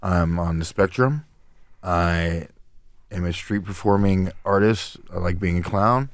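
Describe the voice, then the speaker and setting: A man's voice: low-pitched, a little slow, no room sound, studio quality. A man in his thirties, a street performer, talking casually with playful quips. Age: 30s. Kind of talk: casual round-table chat.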